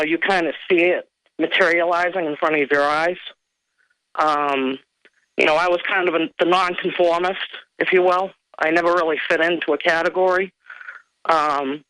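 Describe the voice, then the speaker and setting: A woman caller on a talk show speaks in halting, hesitant phrases full of fillers. Her voice is bright and clear. The sound is dry, with no room around it. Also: deep voice, dry recording, rough recording. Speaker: caller, former admin worker. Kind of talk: phone-in call.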